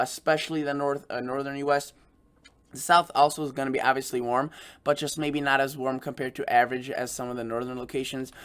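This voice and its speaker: A man's voice: medium pitch, a bit bright, clean tone. Guy going over weather maps off the cuff, lots of ums and restarts. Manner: halting, many fillers and restarts. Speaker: weather channel host. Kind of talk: unscripted forecast walkthrough over weather maps.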